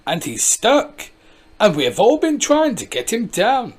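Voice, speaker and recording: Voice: mid-range voice, huge pitch swings, a little slow, pitched above the performer's own voice. A storybook reader voicing a friendly, chatty village wife who offers tea. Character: postman's wife, bright and hospitable.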